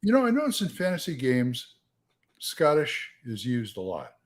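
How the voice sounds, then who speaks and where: A man's voice: mid-range voice, wildly swooping pitch, normal speed. A man co-hosting a livestream in casual chat, a rambling storyteller who restarts often. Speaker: livestream co-host.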